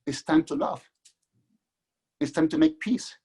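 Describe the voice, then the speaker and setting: Husky earnest man telling his story. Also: fairly high pitch, a little mellow. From Mexico. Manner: earnest, halting with restarts. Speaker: guest author. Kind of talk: candid personal storytelling.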